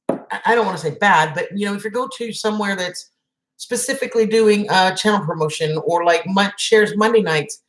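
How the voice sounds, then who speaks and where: A woman from the Southern United States hosts a relaxed live stream, chatting casually with viewers in the live chat. Her medium-pitched voice carries in an echoey room as she greets people by name and laughs often.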